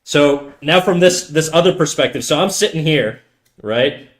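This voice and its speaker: Animated, foul-mouthed male streamer. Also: on the high side, normal speed. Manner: animated, profane, talks straight to chat. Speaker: live streamer. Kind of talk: casual storytelling to a stream chat.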